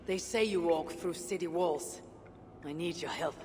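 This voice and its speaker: A woman playing a low-voiced Viking warrior. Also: unhurried, a little hiss or hum, lightly acted. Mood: firm. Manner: steady, blunt, commanding. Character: tough Viking woman warrior, calm and firm. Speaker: game protagonist. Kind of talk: video game dialogue. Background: game music.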